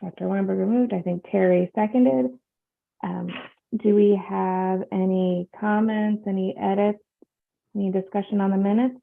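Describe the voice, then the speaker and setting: Woman meeting chair with some vocal fry, measured and filler-heavy, heard over a tinny video-call line. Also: medium pitch, fairly even intonation.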